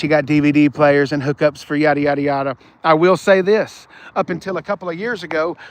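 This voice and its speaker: A man with a high, fairly bright voice live-streams a walkaround of an outdoor car dealership lot. As a car vlogger, he chats casually, swears, and reads viewer comments aloud.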